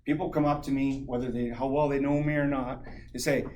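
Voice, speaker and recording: A man giving a humorous personal story as a club speaker, lively and chuckling, imitating sounds as he goes. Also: medium pitch, brisk, slight background noise.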